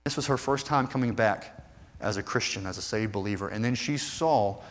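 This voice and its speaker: A man preaching a sermon earnestly, moving from hushed passages to fervent, rising appeals. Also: lowish voice, a little fast. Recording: long hall reverb.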